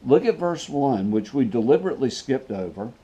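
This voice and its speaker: Man, pastor, devotional sermon, earnest, measured, warm mellow voice, middle pitch. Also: lively intonation, slightly rough, lo-fi sound. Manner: earnest, measured, repeats phrases for emphasis.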